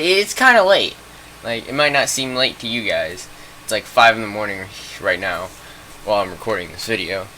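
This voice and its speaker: A man's voice: fairly low pitch, bright, forceful tone, slight background noise. A young man telling a rambling, profane story in a casual storytime vlog, full of fillers.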